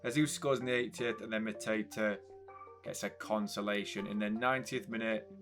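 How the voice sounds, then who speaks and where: A man's voice: lowish voice, steady tone, normal speed, over music. A young man commentating a football video game casually, swinging between hype and frustrated ranting. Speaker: gaming YouTuber.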